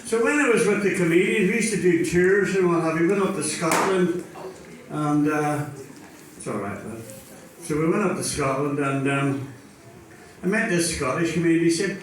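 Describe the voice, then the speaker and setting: An older man performing a stand-up routine, telling stories with dry punchlines. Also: fairly high pitch. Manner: storytelling, unhurried with dry punchlines. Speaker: stand-up comedian. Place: live venue with audience. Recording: echoey hall, far from mic, faint noise.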